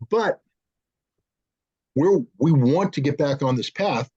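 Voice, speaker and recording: A man speaking as an arms control analyst in a panel discussion, animated, acting out both sides in quoted dialogue. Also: on the high side, unhurried, long pauses, breathy edge. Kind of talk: conversational panel talk. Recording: dull lo-fi remote audio.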